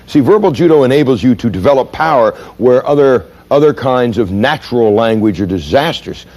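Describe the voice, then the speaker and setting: A man's voice: medium pitch, lively intonation, a little fast, darkish tone. A man giving a training lecture in an emphatic way, often putting questions to his audience.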